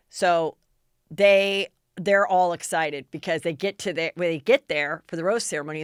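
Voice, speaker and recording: Woman podcast host, gossipy, animated, frank, dry studio sound. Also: low-pitched, clear, resonant tone, no room sound. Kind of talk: casual gossip chat.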